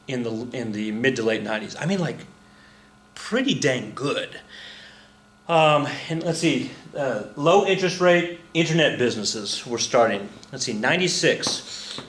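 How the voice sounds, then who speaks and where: A man giving a relaxed history lesson to his students, talking in a loose, chatty way with joking asides and plenty of "uh"s. His voice sits in a middle register. The room around him is echoey. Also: medium pitch. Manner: chatty, jokey asides, frequent fillers. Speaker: teacher. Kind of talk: casual recorded history lecture. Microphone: recorded at a computer for students.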